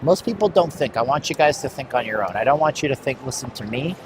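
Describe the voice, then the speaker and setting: A man's voice: medium pitch, expressive, fast talker. A man live-streaming while walking outdoors on a hot city street, bluntly rambling to his chat. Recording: street traffic noise.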